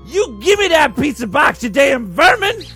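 A man voicing a crude, furious burned-up man who yells and snarls insults. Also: very high voice, big pitch swings, normal speed, soft background music, voice pushed up, heavily acted. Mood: enraged.

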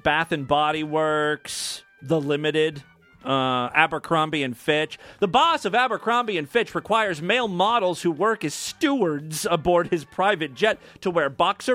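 Lively, bright-voiced male podcast host. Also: fairly high pitch. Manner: irreverent, crude jokes, laughs often. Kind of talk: casual news commentary.

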